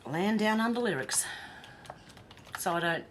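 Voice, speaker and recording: An Australian woman hosting a casual livestream, chatty and self-mocking and quick to laugh. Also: mid-range voice, expressive, a little hiss or hum. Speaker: livestream host.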